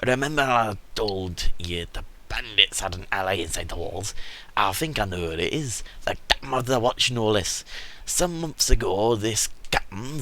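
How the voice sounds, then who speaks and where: A crafty, long-winded town merchant from a medieval game, spoken in a put-on Scottish accent by a man reading his lines aloud. His low voice carries a bright, tense edge, and he lays out his schemes in a hushed, conspiratorial way. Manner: wordy, conspiratorial storytelling.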